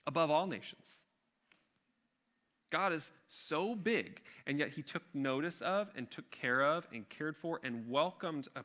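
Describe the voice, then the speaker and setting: Guy preaching, really animated, swings his pitch all over, bright forward tone, keeps asking "right?". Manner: animated, emphatic, conversational asides. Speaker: pastor. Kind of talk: sermon.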